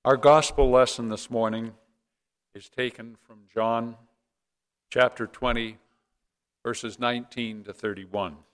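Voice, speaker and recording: A man reading a gospel passage aloud in a church service, measured and deliberate. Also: mid-range voice, steady tone, smooth. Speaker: scripture reader.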